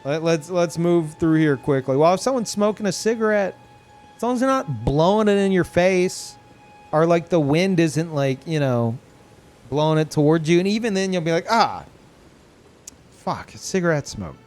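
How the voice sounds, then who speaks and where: A man's voice: fairly high pitch, lively intonation, moderate pace, darkish tone, faint music behind. A man from Louisiana chatting casually on a live stream, rambling and swearing, with many restarts.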